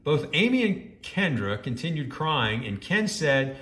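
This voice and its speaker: A man's voice: a little high, sing-song, unhurried, fairly bright tone, echoey room. A man reading a first-person story aloud and breaking off into judgmental, scolding commentary.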